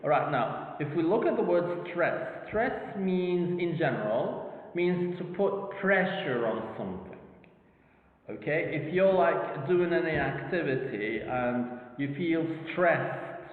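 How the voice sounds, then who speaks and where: A man giving a slow, repetitive phonetics lecture, checking in with "okay?", speaking English as a non-native speaker. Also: on the high side, lively intonation. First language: Arabic. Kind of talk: university lecture. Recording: tinny, echoey hall recording.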